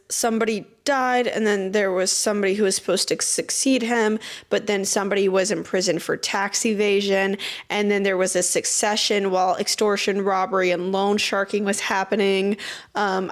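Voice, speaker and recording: Casual, swearing young woman host. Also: mid-range voice. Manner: swearing, joking asides, frequent laughter. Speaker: podcast host. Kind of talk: casual deep-dive commentary, reading aloud.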